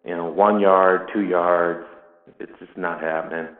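A man's voice: low voice, fairly even intonation, measured pace. A man calling into a fan show, complaining in an exasperated rant. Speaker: caller. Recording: tinny phone line with echo.

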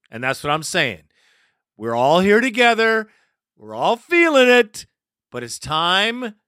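A man hosting a fan call-in radio show, calming callers down and encouraging them to vent. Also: high-pitched, no room sound, clean studio sound.

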